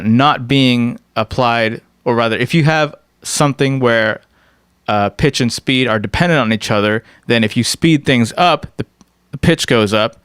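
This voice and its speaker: Man teaching software with a smooth voice. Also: medium pitch, no echo, clean studio sound. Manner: explanatory, often asks "right?". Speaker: music production instructor. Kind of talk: screen-recorded software tutorial.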